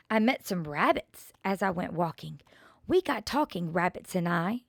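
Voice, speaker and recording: An older woman reading children's poems aloud in a slow, expressive way, with playful asides. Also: lowish voice, creaky, no echo, clean studio sound.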